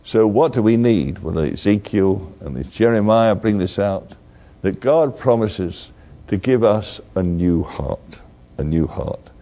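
An older man preaching a sermon slowly and earnestly, repeating his key phrases. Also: on the low side, lively intonation, warm tone. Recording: dull lo-fi recording.

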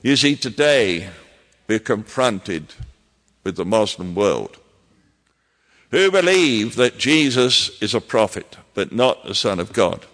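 A man preaching a sermon as pastor, in a measured way with emphatic repetitions. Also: on the low side, big pitch swings, fairly bright tone, in a large hall.

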